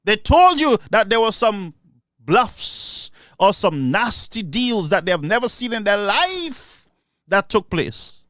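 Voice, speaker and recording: A man's voice: high voice, sing-song, slow pace, a bit bright, no echo, studio quality. A man with a Saint Lucian accent giving an impassioned political speech, sarcastic and mocking. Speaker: political commentator.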